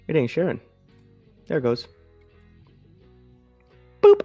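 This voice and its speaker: A man of ordinary pitch hosts a political commentary show by himself. He reads articles aloud and keeps stopping to mock them with profane, sarcastic asides. Soft guitar music plays faintly behind him. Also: lively intonation, moderate pace, long pauses. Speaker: host.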